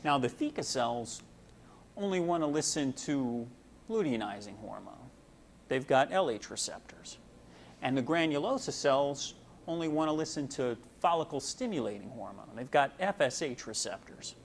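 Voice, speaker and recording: A man's voice: mid-range voice, big pitch swings, moderate pace, vocal fry, slight background noise. A man giving a casual medical lecture, folksy and full of fillers, explaining with homely analogies.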